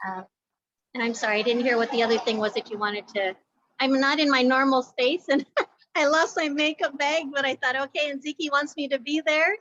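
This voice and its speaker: A woman's voice: sits high, fairly even intonation, brisk, fairly bright tone, highs cut off, a little hiss or hum. A woman from the San Francisco Bay Area joining a video call from outdoors, chatty and apologetic. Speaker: guest. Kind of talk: casual video call chat.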